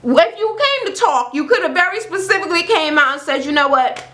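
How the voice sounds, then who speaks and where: A woman recapping a reality show in a casual, animated rant, swearing heavily and acting out what people said. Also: very high voice, brisk. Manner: animated, heavy swearing, acts out quotes. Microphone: camera mic with ring light setup.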